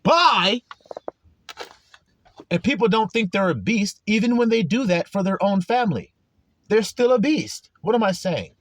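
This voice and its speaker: Brief: high, lively male preacher, blunt and profane, keeps quizzing the listener. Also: normal speed, no echo. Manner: blunt, profane, teasing, rhetorical questions. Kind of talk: casual street sermon.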